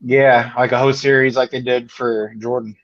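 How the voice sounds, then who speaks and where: A man's voice: mid-range voice, little pitch movement, normal speed. A man chatting casually on a live stream, giving his opinions in long, rambling sentences. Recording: dull, muffled call audio.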